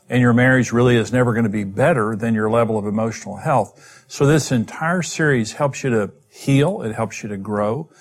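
A man's voice: mid-range voice, big-room sound. A man who is a Bible teacher and program host, giving an emphatic, plain-spoken sermon-style teaching in numbered points.

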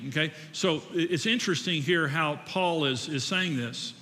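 Older guy preaching, bright forceful voice, talks to the crowd like a chat, long hall echo. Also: fairly high pitch, moderate pace, few pauses. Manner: conversational, asks the audience questions, self-deprecating. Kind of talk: sermon. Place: church hall. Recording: echoey hall.

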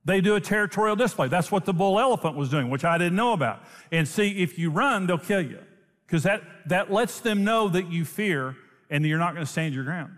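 A man preaching a sermon, telling a story in an animated way and laughing often. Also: high voice, a little fast. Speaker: pastor. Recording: long hall reverb.

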